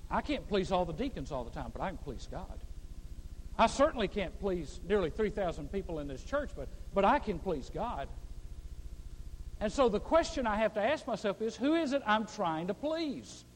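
A man preaching a sermon to a large congregation, animated and playful, acting out prayers in mock voices. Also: high-pitched, normal speed, big-room sound, a little hiss or hum, poor audio. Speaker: pastor. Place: large church.

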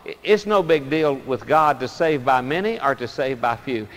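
A man's voice: medium pitch, animated, normal speed, fairly bright tone, long reverb tail, lightly acted, poor audio. A male preacher voicing a confident young warrior prince with an eager, raised voice.

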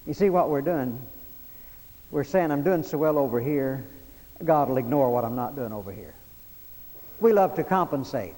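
A man preaches a sermon from the pulpit, his voice sitting a little high. He drives his points home by repeating key phrases. The sound rings with the long reverb of a church hall. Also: expressive, normal speed, gravelly, long pauses, mellow. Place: church sanctuary.

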